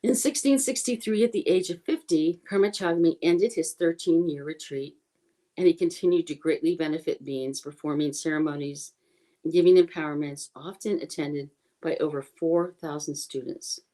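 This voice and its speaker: A woman sharing an informal online dharma talk on a teacher's life, earnest and apologetic, pausing to chant a refuge prayer slowly. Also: sits low, warm tone, low-quality recording. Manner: earnest, apologetic, self-correcting.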